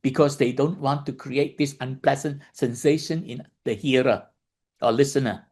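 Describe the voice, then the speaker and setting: A man's voice: mid-range voice, fairly even intonation, moderate pace, darkish tone. Man explaining a dharma lesson. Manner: keeps checking in with listeners with "okay?" and "right?"; repeats points and restarts phrases. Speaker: meditation teacher.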